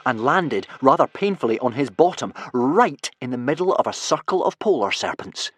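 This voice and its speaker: A man reading a children's adventure audiobook with expressive storytelling. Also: medium pitch, moderate pace, husky, dry recording. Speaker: audiobook narrator. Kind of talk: scripted narration.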